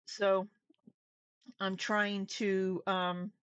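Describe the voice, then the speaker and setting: Slow-talking woman chatting on a live stream. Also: medium pitch, little pitch movement, fairly bright tone, clean tone, dry recording. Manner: chatty and rambling, greets chat, laughs easily. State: runny nose. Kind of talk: casual live-stream chat with viewers. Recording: slightly dull lo-fi stream audio.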